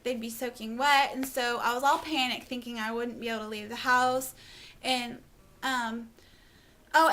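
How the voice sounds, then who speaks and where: At home on camera, a young vlogger tearfully tells an emotional personal story, rambling with lots of "like" and laughing through her tears. Her voice is fairly high-pitched, pushed and bright.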